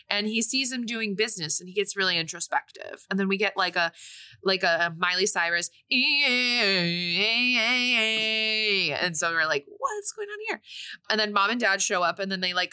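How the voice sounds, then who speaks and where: A woman co-hosting a podcast, telling a movie's plot in a casual, animated way and slipping into playful voices for the characters. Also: mid-range voice. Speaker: podcast co-host recapping a movie. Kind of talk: casual chat.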